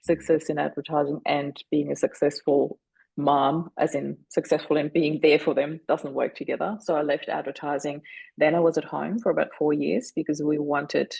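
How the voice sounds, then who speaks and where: Husky, gravelly woman telling her story. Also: deep voice, level tone, moderate pace, a little mellow, no echo, rough recording. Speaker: podcast guest. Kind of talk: reflective personal storytelling.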